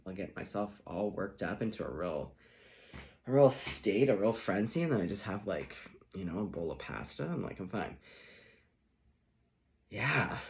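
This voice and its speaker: A man giving a casual tarot reading in a playful, chatty way, acting out little reactions as he goes. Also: fairly low pitch. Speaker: tarot reader.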